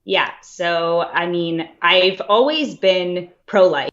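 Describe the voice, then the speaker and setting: A woman talks softly and personally as a guest on an interview show. Her voice sits fairly low, and it comes through as a dull, lo-fi played-back clip. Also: slow pace. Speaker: podcast guest. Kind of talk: casual interview talk.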